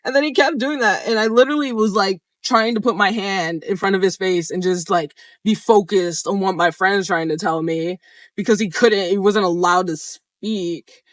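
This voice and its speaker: A young adult vlogger telling a story straight to camera, animated and expressive, swearing often. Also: mid-range voice, normal speed, no echo. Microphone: camera framed close to the speaker.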